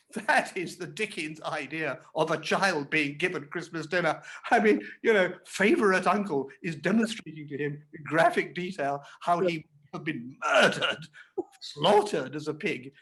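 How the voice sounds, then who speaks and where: A man hosting a literary conversation, reading aloud and commenting in an animated, amused way. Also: fairly high pitch, moderate pace. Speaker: host and reader.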